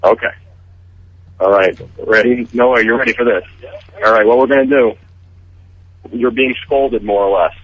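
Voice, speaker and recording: A man's voice: mid-range voice, steady tone, moderate pace, long pauses, dry recording, dull audio. A man reporting live by phone for a radio show, hamming up a mock lament as an elf. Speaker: field correspondent playing an elf. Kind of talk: live remote radio bit.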